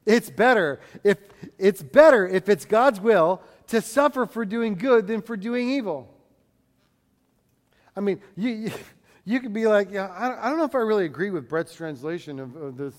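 A man's voice: a little high, a little mellow. A male pastor preaching a sermon in an emphatic, conversational way, asking the congregation rhetorical questions. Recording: long reverb of a large hall.

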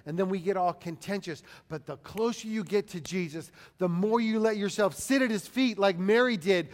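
A man delivers a sermon in a high, light voice, moving from quiet reflection to loud, declaiming scripture readings. He acts out the people he quotes as he goes. His voice carries a long reverb, as if in a large hall. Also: moderate pace, hardly any pauses. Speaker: preacher.

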